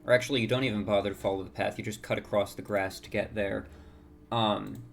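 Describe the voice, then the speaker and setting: A man narrating as dungeon master in a tabletop game, halting with many fillers. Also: fairly low pitch, steady tone, gravelly.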